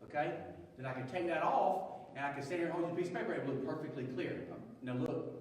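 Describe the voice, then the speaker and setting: A male pastor with a drawl tells a story from the pulpit, cracking jokes and slipping into other people's voices as he goes. His voice sits a little high, and it rings through a large hall with long reverb. He is picked up from some distance away from the microphone. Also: fast talker, a little hiss or hum. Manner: animated, joking, acts out quoted voices. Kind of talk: sermon storytelling. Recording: echoey church hall, far from mic.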